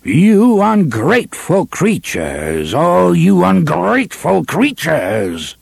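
A pompous fake wizard thunders out slow, loud threats, as a man puts him on. The voice is husky and swings widely in pitch, with every word stretched for effect. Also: wildly swooping pitch, no room sound, exaggerated voice. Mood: blustering.

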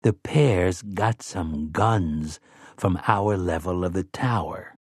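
A man's voice: mid-range voice, very animated, a little slow, a little mellow, no echo, clean studio sound. A man voicing a sly, easygoing man who talks in a breezy, conspiratorial, folksy way.

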